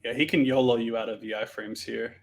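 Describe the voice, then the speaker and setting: A man's voice: medium pitch, fairly even intonation, a little fast, gravelly. A man guest commentating a live game stream, agreeable and a little hesitant, with frequent restarts.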